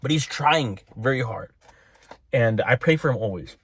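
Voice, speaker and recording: A man's voice: mid-range voice, lively intonation, normal speed, breathy edge. Rambling man giving a spiritual talk. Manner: rambling, self-interrupting, laughs at own tangents. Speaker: religious video maker. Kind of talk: casual spiritual talk to camera.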